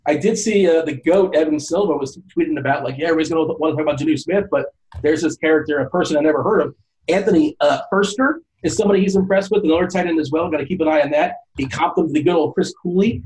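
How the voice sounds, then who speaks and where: A man's voice: fairly high pitch, a little mellow, low-quality recording. A man co-hosting a casual podcast chat, rambling with frequent restarts and lots of laughter. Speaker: podcast co-host.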